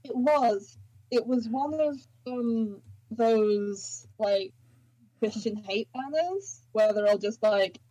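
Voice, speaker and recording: A woman's voice: a little high, slow, warm tone, rough recording. A woman co-hosting a podcast in casual chat, joking and teasing, swearing now and then. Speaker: podcast co-host.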